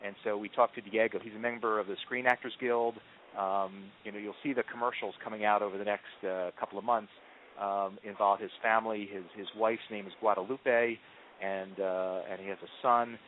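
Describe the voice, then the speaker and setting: A man being interviewed as a marketing executive, telling stories in an animated way with frequent ums and restarts. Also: lowish voice, moderate pace, slight background noise. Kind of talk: conversational interview answers. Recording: tinny phone-line audio.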